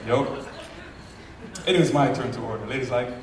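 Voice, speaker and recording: A young Jamaican man with a Jamaican accent performs a stand-up set on a comedy club stage, telling animated stories, acting out voices, and swinging between loud and soft. His mid-range voice moves at a moderate pace with frequent pauses over crowd noise. The handheld stage mic picks him up from far off in an echoey club.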